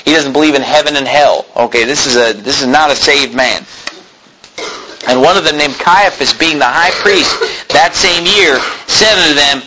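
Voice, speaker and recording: Man, preacher, sermon, animated delivery, slightly high voice, bright forceful tone. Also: normal speed, slight background noise, poor audio. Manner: animated, acts out scenes with sudden shouts and laughs.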